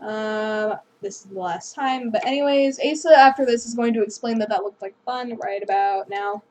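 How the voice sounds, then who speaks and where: A woman's voice: mid-range voice, steady tone, moderate pace, darkish tone. A woman hosting a gameplay video, rambling through casual commentary and apologizing self-deprecatingly. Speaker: gaming video host.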